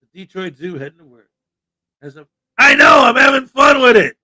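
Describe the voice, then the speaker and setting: Fields: Role: livestream host, man. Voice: high, bright. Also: normal speed. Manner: animated, joking, sudden loud bursts. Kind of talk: casual livestream chat.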